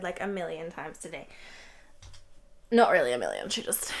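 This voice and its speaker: A young woman chatting casually to camera in her bedroom as a beauty vlogger, sounding congested and croaky from illness and filling her talk with "like". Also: on the low side, animated, normal speed, pauses often. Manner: chatty, fills speech with "like".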